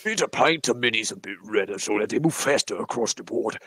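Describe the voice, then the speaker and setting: A man putting on a boisterous male orc grunt with a British accent, speaking loudly and fast. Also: lowish voice, animated, breathy edge.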